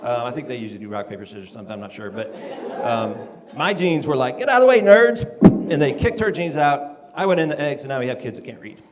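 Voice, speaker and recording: A man's voice: mid-range voice, fast, crowd noise. A middle-aged man doing a laid-back, self-deprecating stand-up set in a comedy club, with frequent ums. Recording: live club recording with long reverb and noise.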